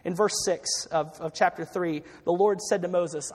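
A man's voice: high-pitched, fairly even intonation, normal speed, darkish tone, in a large hall. A man preaching a sermon, retelling a story with acted-out quotes and frequent restarts.

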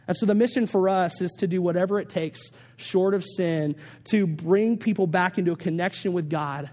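Male pastor, high voice, earnest and animated, long hall echo. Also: moderate pace. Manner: earnest, animated storytelling with many restarts. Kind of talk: sermon.

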